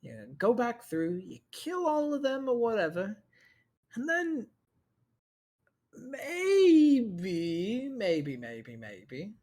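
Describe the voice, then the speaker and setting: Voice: medium pitch, huge pitch swings, very slow, darkish tone, voice pushed up, full character voice. A game master voicing a mocking, sadistic male villain who taunts the hero in a tabletop game, with a sing-song, sneering delivery. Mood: cruel. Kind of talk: tabletop role-play.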